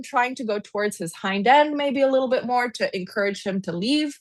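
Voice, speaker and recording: A woman guest on a podcast, telling a personal story in casual interview talk, animated and full of "like", her pitch climbing as she relives strong feelings. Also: normal speed, few pauses, dry recording. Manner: animated storyteller, frequent "like", rises in pitch when reliving anger. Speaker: podcast guest, equine therapist.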